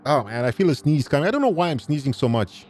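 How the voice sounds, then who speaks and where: A man streaming a game live, reading the story text aloud and making chatty, excitable asides to his chat. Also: fairly high pitch, fast, faint music behind. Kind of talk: live game playthrough with read-aloud narration.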